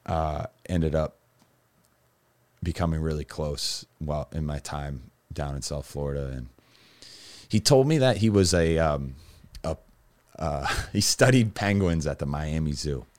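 A man's voice: extremely low pitch, a little slow, darkish tone. A man telling his own story as a guest, rambling and candid, with lots of restarts and fillers. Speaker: guest recounting his recovery.

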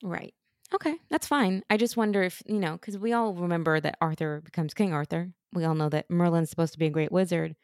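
A woman co-hosting a casual podcast, animated and opinionated, full of quick asides. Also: on the low side, no room sound, clean studio sound. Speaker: podcast co-host. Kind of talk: casual chat.

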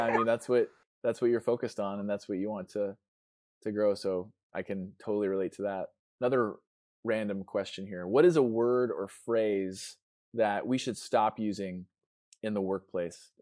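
A man's voice: on the low side, fairly even intonation, moderate pace, dark tone, dry recording, studio quality. A man hosting a casual interview, easygoing and rambling, often searching for words mid-sentence. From Chicago. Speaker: podcast host.

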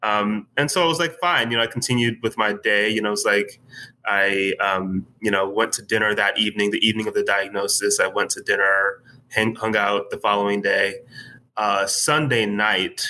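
A man talking as a guest in a casual interview, telling a story in a relaxed way with many fillers. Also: lowish voice, normal speed, low-quality recording. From United States. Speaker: writer, podcast guest.

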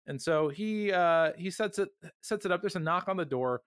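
A young man talks through an episode with a bouncing, expressive voice. He keeps dropping into mocking put-on voices for the characters. The sound is dry and close, with no room around it. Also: high-pitched, normal speed, clear, resonant tone, no echo. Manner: animated, acts out characters mockingly while retelling. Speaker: podcast co-host. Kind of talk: casual podcast recap chat.

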